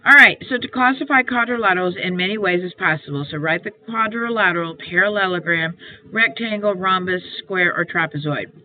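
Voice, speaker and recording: A woman's voice: on the low side, brisk. Tinny-sounding woman teacher explaining homework. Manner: patient, repetitive step-by-step explaining. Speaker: math teacher. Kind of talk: homework walkthrough lesson. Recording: tinny phone-like sound, faint hiss.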